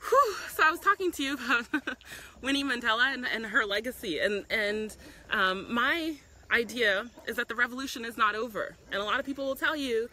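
A South African woman talks passionately on a casual outdoor live stream in a public spot, earnest and full of ums and restarts. Her voice is a little high, bright and forceful, at a moderate pace. The audio is poor, with a slight hiss or hum.

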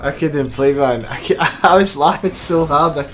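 Sarcastic man, slightly high, in game chat. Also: normal speed, slight background noise. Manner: sarcastic, dry, pedantic jabs. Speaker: gaming friend. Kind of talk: casual gaming banter.

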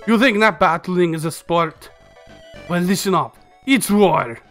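A man's voice: high voice, a little slow, a bit bright, soft background music. A man voicing a cold, stern young soldier with a put-on Russian accent, reading game dialogue in a curt, scornful way. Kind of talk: game dialogue read aloud.

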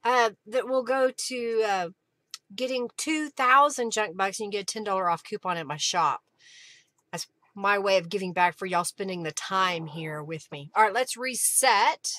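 A woman hosting a live craft stream, chatting casually, thanking viewers by name and often clearing her throat. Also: mid-range voice, moderate pace, pushed and bright, dry recording.

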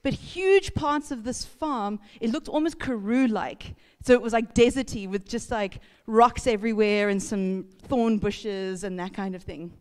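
A woman pastor, telling a lively story in a casual sermon, laughing and acting out sounds. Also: a little high, a little slow, few pauses, smooth. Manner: chatty, laughing, acts out sounds and voices. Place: church hall. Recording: reverberant church hall.

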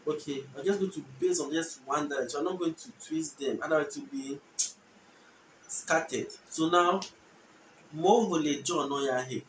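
A man giving a casual language lesson, repeating short phrases slowly so learners can follow. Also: a little high. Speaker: language teacher. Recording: echoey room, distant mic, faint noise.

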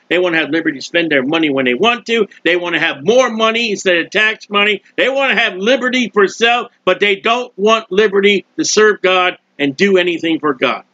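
A man's voice: high voice, sharp tone, no echo. A male preacher giving an impassioned sermon and acting out prayers, in a dull lo-fi recording. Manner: impassioned, acts out prayers and quotes.

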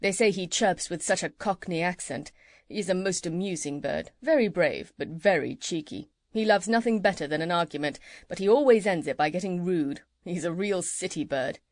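A woman voicing a gentle, kindly male country doctor who chats fondly, in a lowered voice. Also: moderate pace, no room sound, clean studio sound, close to an everyday voice. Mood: fond, chatty.

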